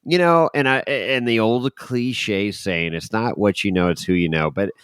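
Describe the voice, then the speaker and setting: A man hosting a podcast, telling stories animatedly and swearing casually in relaxed chat. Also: on the low side, measured pace, clear, resonant tone, dry recording, studio quality. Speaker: podcast host.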